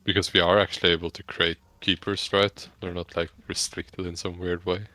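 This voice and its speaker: A man's voice: deep voice, little pitch movement, a little fast, bright, forceful tone, no room sound. A man on a voice call who handles the server, hesitant and trailing off as he works. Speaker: game server developer. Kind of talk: casual voice chat.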